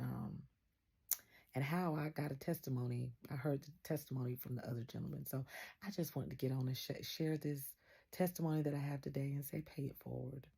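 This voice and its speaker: A woman's voice: very deep voice, gravelly, mellow, breathy edge. A woman, earnestly telling a story as the host of a faith channel and retelling conversations line by line. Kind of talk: casual spoken testimony.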